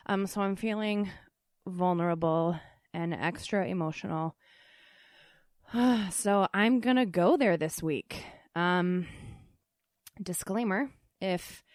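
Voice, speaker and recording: A young adult woman hosts her own podcast, chatting casually and confessionally in a fairly low voice, close on the microphone with no room sound. She rambles, puts herself down, and uses lots of filler ums.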